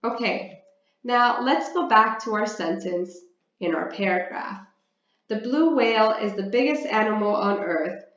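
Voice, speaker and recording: A woman's voice: on the high side, lively intonation, measured pace. A woman from Canada teaching an English grammar lesson, explaining step by step and often asking and answering her own questions. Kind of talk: slow, careful grammar lesson. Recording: roomy, slightly dull sound.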